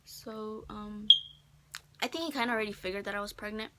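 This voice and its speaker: A woman's voice: medium pitch, brisk, heavy background noise. A teenage girl telling a personal story in a casual vlog, chatty and full of "like", quoting others in her own voice. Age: teens. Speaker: vlogger. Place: friend's bedroom.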